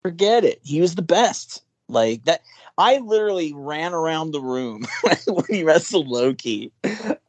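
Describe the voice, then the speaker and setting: Man guest, casual chat, animated storyteller who laughs and swears freely, dry close sound. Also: on the high side, unhurried, no echo.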